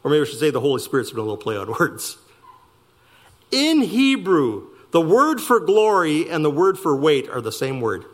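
A man preaching a sermon, slowing down to stress key words and speeding through asides. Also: a little high. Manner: animated preaching, slowing for emphasis and rushing asides. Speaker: pastor.

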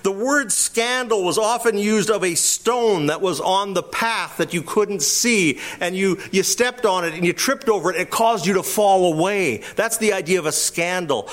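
Emphatic higher-voiced male preacher. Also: normal speed, hardly any pauses, a bit bright. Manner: emphatic, asks rhetorical questions. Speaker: pastor. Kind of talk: expository sermon.

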